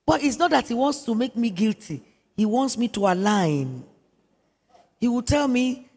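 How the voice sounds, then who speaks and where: A woman's voice: fairly high pitch, expressive, slow, pauses often, a little mellow, husky, long reverb tail. A woman pastor with a Nigerian accent telling a story in a sermon, repeating phrases for emphasis.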